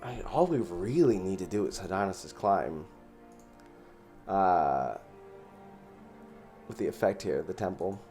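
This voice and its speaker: Casting: male gaming host, lower voice, chatty play-by-play over soft music. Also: animated, slow pace, pauses often. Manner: thinks aloud while counting mana. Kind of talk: casual gameplay commentary.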